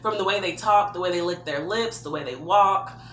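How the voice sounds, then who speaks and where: A woman's voice: on the low side, moderate pace, fairly bright tone, slight background noise. Earnest woman vlogging in an echoey room. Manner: earnest, heartfelt advice from experience. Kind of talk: personal advice vlog.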